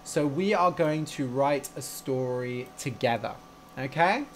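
Casting: young male teacher, unhurried and chatty, affectionate and jokey on a live stream. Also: mid-range voice, slight background noise. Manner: chatty, gushing and playful, laughs easily. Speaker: English teacher and podcast host. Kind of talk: casual live-stream chat with learners.

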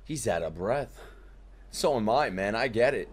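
A young man giving a live reaction to an anime, excitable and profane, with bursts of laughter. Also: lowish voice, unhurried, slight background noise. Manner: excitable, swearing, laughing outbursts. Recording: show audio and music behind. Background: anime soundtrack music.

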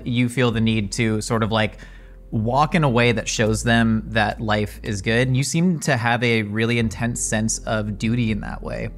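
A man hosting a casual interview, playful and jokey with quick bursts of excitement. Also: medium pitch. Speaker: host.

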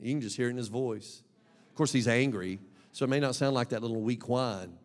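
A man preaching an emphatic, animated sermon as a pastor, with bursts of shouting. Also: medium pitch, brisk. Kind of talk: lively sermon. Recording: long reverb of a large hall.

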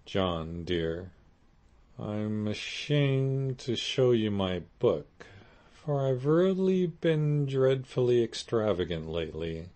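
A man reading an audiobook voices a remorseful young wife, pitching his deep voice up and pleading. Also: lively intonation, takes it slowly, a little mellow. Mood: ashamed.

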